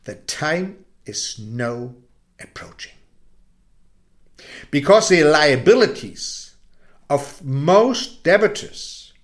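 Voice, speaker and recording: Very slow, dramatic man with hushed drops. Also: fairly high pitch, big pitch swings. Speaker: storyteller and commentator. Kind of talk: dramatic story reading.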